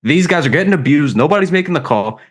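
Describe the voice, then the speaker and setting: Animated ranting sports-podcast man. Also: a little high, fast talker, husky. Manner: animated, ranting, swears often. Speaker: podcast co-host. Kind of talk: heated sports debate.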